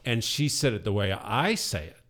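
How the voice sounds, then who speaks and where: A middle-aged man co-hosts a casual podcast, telling a family story with easy laughter. His pitch swings widely as he builds up his punchlines. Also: normal speed. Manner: animated storyteller, laughs often. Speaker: podcast co-host.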